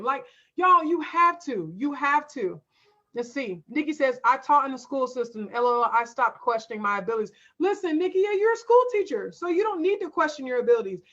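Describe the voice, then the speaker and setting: A woman's voice: high-pitched, a bit bright, dull audio. A woman coach hosting a live stream, emphatic and direct, calling her viewers y'all and reading out their comments.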